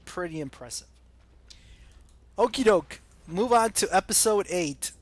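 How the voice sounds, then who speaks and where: An American man hosting a gaming channel, chatting casually through viewer comments and pausing often with ums and uhs. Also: high voice, expressive. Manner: hesitant, many ums and uhs.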